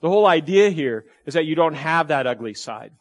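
A pastor with a fairly high voice preaches to his congregation. He keeps it conversational and throws out rhetorical questions, often repeating and restarting phrases as he goes. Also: animated, brisk. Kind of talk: sermon.

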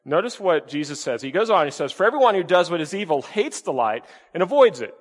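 A male pastor preaches emphatically in a slightly high, sing-song voice at a quick pace, peppering listeners with rhetorical questions and repeating key words for weight. Each phrase trails off into long reverb, like in a large hall.

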